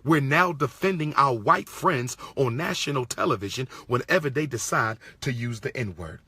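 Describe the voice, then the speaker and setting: A man's voice: mid-range voice, expressive, normal speed, sharp tone, breathy edge, no echo. A man from Pennsylvania giving an indignant commentary, repeating his points and firing off rhetorical questions. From Pennsylvania, USA. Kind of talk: impassioned monologue.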